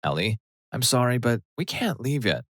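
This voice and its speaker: A man voicing an upset young woman who speaks softly and apologetically. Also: mid-range voice, sing-song, moderate pace, no echo, studio quality, voice pushed up. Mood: apologetic.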